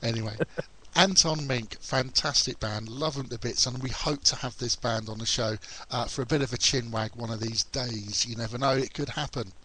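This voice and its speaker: A man's voice: mid-range voice, moderate pace, bright, forceful tone, a little hiss or hum, rough recording. A man hosting an internet radio show, chatting casually, swearing and mimicking other people. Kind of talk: casual on-air banter. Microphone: studio mic, co-host over a call.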